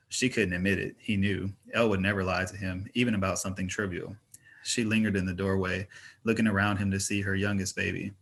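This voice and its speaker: A man narrating a fantasy novel in an audiobook reading, with steady, even storytelling. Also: low voice, a little fast, gravelly, breathy edge.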